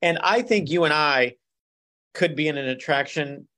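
A man's voice: fairly high pitch, moderate pace, bright, forceful tone. A man co-hosting a podcast in casual chat, rambling, repeating himself and laughing often. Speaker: podcast co-host.

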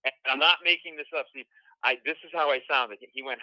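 A man from Rhode Island, a comedian guest, telling an animated story with acted-out quotes on a talk show. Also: mid-range voice, brisk, no room sound, dull audio. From Rhode Island, USA.

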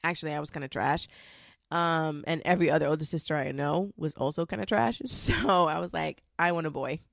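A young woman vlogging, ranting bluntly and profanely in a casual, animated way. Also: low-pitched, a little fast, gravelly, dry recording, studio quality. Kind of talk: casual rant to camera.

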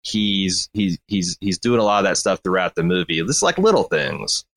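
A man's voice: sits low, normal speed, no room sound. A man in casual podcast chat about a movie, rambling and correcting himself as he talks. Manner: rambling, self-correcting, animated. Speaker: podcast co-host. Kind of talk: casual film discussion.

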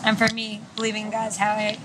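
A young woman in her twenties with a slightly raspy voice, thoughtfully explaining her beliefs in a street interview. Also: mid-range voice, completely flat delivery, fast, background noise. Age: 20s. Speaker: college student, interviewee.

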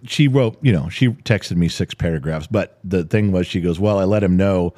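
A man's voice: sits low, moderate pace, no echo. A middle-aged man co-hosting a podcast, telling family stories in casual chat and swearing now and then. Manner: animated storyteller, swears casually. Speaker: podcast co-host.

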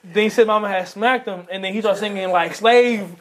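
A man's voice: high voice, brisk, a little hiss or hum. A young man in casual chat, telling stories with lots of laughter. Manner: animated storyteller, laughs often.

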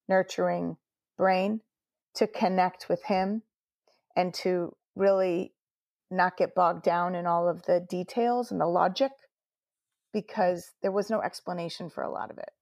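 A woman's voice: lowish voice, a little mellow, no echo, clean studio sound. A woman, a nurse telling her story earnestly in an interview, quoting her own words along the way. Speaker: guest nurse.

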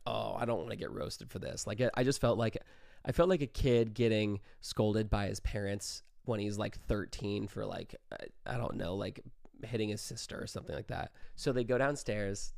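A man's voice: fairly low pitch, creaky, darkish tone, no echo, studio quality. A young man in his twenties casually telling a funny story, laughing as he goes, swearing freely and saying "like" a lot.

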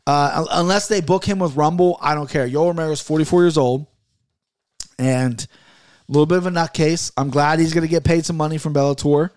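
A man's voice: fairly high pitch, steady tone, a little fast, a little mellow. A man hosting a solo podcast, talking bluntly and rambling with lots of swearing and restarts, and getting fired up as he pushes his listeners. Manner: gets fired up, pushing listeners hard. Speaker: podcast host.

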